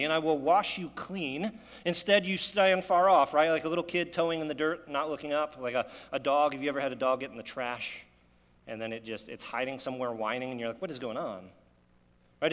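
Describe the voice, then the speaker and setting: A man's voice: a little high, fairly bright tone, big-room sound. A man preaching a sermon in an earnest, conversational way, often asking his listeners rhetorical questions. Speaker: pastor.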